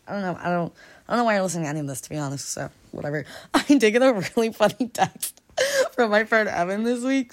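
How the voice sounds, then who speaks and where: A young woman chats alone into a podcast mic, rattling along at a quick clip. Her voice sits a little low for a woman, and she rambles, giggles and lets sentences fade to a mumble before picking back up. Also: darkish tone. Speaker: podcast host. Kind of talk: casual solo podcast chat.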